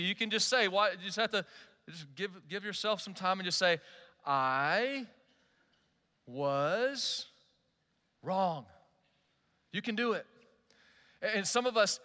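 Male pastor, 40s, high bright voice, conversational sermon with lots of direct questions, long hall reverb. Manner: animated, conversational preaching with direct questions to listeners.

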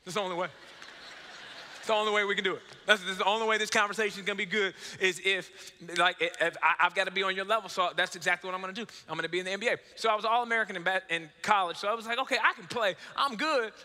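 Animated pastor preaching in a big reverberant hall. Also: male voice, sits high, very fast. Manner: animated storytelling, acts out dialogue, self-mocking humor. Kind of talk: sermon.

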